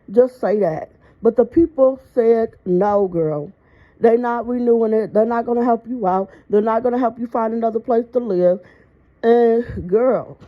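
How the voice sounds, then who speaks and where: Speaking directly to her viewers, a sassy woman gives casual reaction commentary with clear exasperation. Her voice sits a little high, and the recording is dull and lo-fi.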